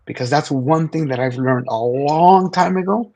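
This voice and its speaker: Earnest middle-aged man with husky voice. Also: fairly high pitch, normal speed, darkish tone. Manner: earnest, repeats words when starting phrases. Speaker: podcast guest. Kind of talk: motivational conversation.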